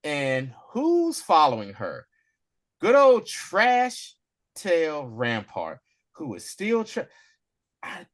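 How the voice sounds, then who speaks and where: A man's voice: mid-range voice, fairly bright tone, slightly rough. A man co-hosting a casual recap chat, retelling scenes with acted-out lines and laughter. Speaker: podcast co-host.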